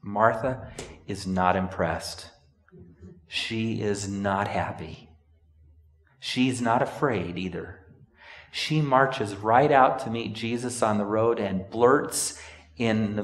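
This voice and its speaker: Male pastor, low voice, storytelling sermon with emphatic bursts, recorded in a reverberant church hall. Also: slow pace. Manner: storytelling, rising to sudden emphatic outbursts. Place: church sanctuary. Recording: echoey church hall from a distance.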